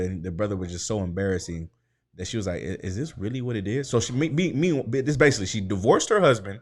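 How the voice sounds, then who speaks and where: A man hosting a casual talk show, telling stories in a slangy, animated way with lots of fillers. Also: on the low side. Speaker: podcast host. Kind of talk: casual chat.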